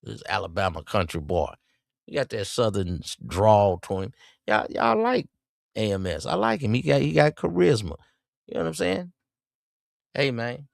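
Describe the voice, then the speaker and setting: A man hosting a podcast, giving preachy, mocking commentary and jumping up in pitch to taunt. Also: very animated, moderate pace, vocal fry, no room sound, clean studio sound. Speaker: podcast host. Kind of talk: reacting to clips with commentary.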